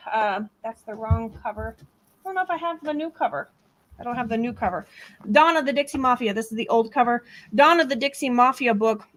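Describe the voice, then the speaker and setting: A woman's voice: fairly high pitch, sharp tone. A woman from Texas hosting a casual livestream, reading viewer comments aloud in a chatty way, laughing often and using many fillers. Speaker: true crime host.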